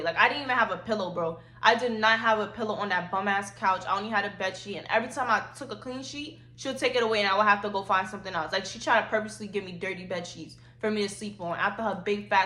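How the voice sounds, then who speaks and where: A woman's voice: mid-range voice, pushed and bright. An 18-year-old woman telling a personal story for her vlog in slangy, emphatic talk, often repeating her points, recorded on a phone. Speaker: vlogger. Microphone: phone camera. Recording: roomy echo.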